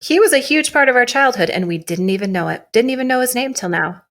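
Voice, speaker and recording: A woman's voice: fairly high pitch, animated, quick pace, a bit bright. A young woman co-hosting a podcast in casual chat, joking and teasing herself and laughing often. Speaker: podcast co-host.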